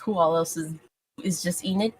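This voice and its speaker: A woman's voice: fairly low pitch, fairly even intonation, moderate pace, breathy edge, no room sound, low-quality recording. Casual, swearing woman player at a game table. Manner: casual, profane, unfiltered.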